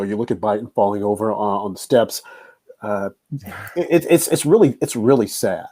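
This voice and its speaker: A man's voice: lowish voice, moderate pace, warm tone. A man hosting a political commentary show, talking emphatically and repeating his points. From United States. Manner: emphatic, repetitive. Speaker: host.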